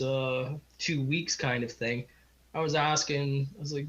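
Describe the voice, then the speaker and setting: Speaking a little slowly, the middle-aged guest from Canada keeps a steady tone in a medium-pitched, fairly bright voice. He rambles heartfully through a long personal story during a casual storytelling interview, performing the voices of those he quotes; the lo-fi sound is slightly dull.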